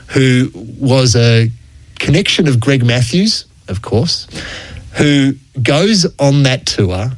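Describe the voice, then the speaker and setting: A man's voice: medium pitch, dry recording, rough recording. A middle-aged Australian man presenting a cricket history segment on sports radio, telling stories in a chatty way and chuckling through them. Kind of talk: anecdotal storytelling on sports radio.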